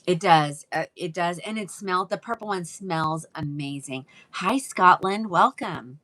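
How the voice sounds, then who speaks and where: A woman's voice: fairly low pitch, a little slow, fairly bright tone. A woman hosting a live wig sale, chatting casually and greeting viewers by name. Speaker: live-selling wig seller. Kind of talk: casual livestream sales chat.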